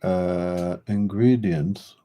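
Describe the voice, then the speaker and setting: A man's voice: deep voice, fairly even intonation, very slow, dark tone. A man producing music on a live stream, talking casually to himself in an offhand, profane way. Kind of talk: casual live-stream commentary while making beats.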